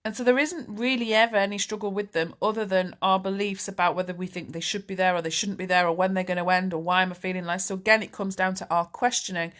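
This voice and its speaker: A woman's voice: medium pitch, steady tone, fast talker, hardly any pauses, a bit bright. A woman, a life coach answering viewer questions in a candid, chatty, reassuring live Q&A. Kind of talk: live Q&A chat.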